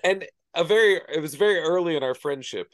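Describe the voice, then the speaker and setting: A man's voice: fairly high pitch, a little fast. A man co-hosting a movie podcast, chatting casually and animatedly, joking with his co-host. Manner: animated, does a ringside announcer voice. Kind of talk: casual chat.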